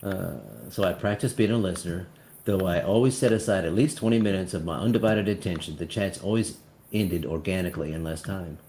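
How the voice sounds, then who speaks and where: A man's voice: low-pitched, fairly quick, darkish tone, a little hiss or hum. A man hosting a podcast, reading his own written account aloud and laughing often in between. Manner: laughs often while telling the story.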